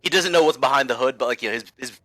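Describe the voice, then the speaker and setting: A man's voice: mid-range voice, very fast, a bit bright. A man playing a tabletop game, explaining his character's actions in a rambling, filler-heavy way. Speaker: player. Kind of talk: casual table talk.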